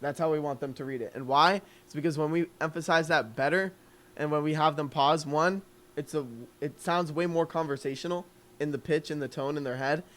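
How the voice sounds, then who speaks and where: A man's voice: a little high, steady tone, brisk, a bit bright. Casual young man coaching on a call. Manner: loose and conversational, filler-heavy, thinking aloud. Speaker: copywriting coach.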